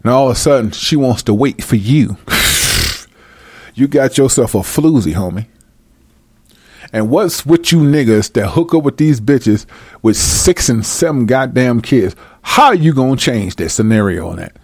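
Animated, profane man ranting. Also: medium pitch, a little slow, breathy edge, no echo, clean studio sound. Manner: animated, profane, slangy, laughs often. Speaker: commentator. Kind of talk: comedic rant to camera.

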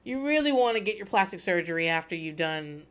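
A woman's voice: lowish voice, expressive, fairly quick, clear, resonant tone. A woman in her thirties hosting a podcast, recapping a reality show in a chatty, profane, wry way. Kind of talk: casual solo recap chat.

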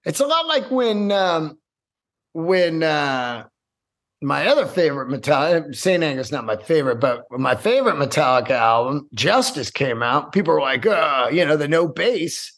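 A man hosting a casual solo podcast, swearing freely and rambling in an animated way. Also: fairly high pitch, moderate pace. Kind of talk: casual monologue.

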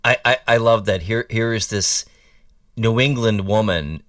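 A man's voice: lowish voice, measured pace, a bit bright, distant mic, faint music behind. A man hosting a talk show and giving opinionated political commentary in a sarcastic, mocking, rambling way.

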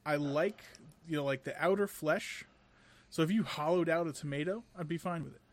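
A man in casual podcast chat, explaining his tastes in a measured way. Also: a little high, no room sound.

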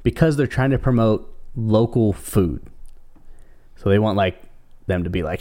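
A man's voice: on the low side, measured pace, pauses often. Casual man telling odd news stories. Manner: relaxed storytelling, sharing odd news stories. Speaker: podcast co-host. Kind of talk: casual chat.

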